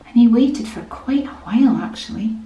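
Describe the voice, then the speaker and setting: A Scottish woman telling a traditional story to children in a gentle, expressive way. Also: fairly high pitch, normal speed. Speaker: storyteller and music tutor. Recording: roomy echo.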